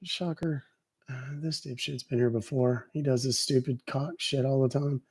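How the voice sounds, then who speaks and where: A man's voice: medium pitch, fairly even intonation, moderate pace, a little mellow, slightly rough. A man hosting a live stream, chatting casually and profanely with his audience and joking around. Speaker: livestream host.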